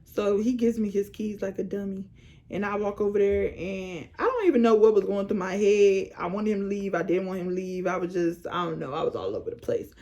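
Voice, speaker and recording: A young woman vlogger telling a storytime tale in an animated, slangy, laughing way. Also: medium pitch, a little fast, highs cut off. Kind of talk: casual storytime.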